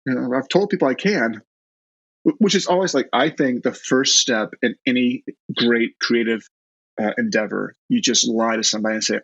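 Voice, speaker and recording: A man with a Southern US accent, an author chatting in an interview, self-deprecating and halting with many restarts. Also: mid-range voice, creaky, fairly bright tone, slightly rough, no room sound, highs cut off. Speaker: guest author. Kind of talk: casual interview chat.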